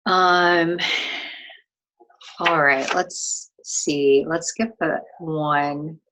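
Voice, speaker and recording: A woman's voice: low-pitched, fairly even intonation, drawn-out words, noisy background. A young woman on a video call, talking thoughtfully about a book in casual chat, with many fillers and restarts. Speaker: co-host of a book discussion.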